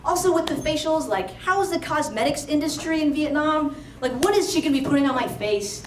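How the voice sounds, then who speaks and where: Brief: high-pitched woman, chatty live storyteller, roomy hall, distant mic. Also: a little fast, slight background noise. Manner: chatty, animated, lots of "like". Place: storytelling stage before an audience.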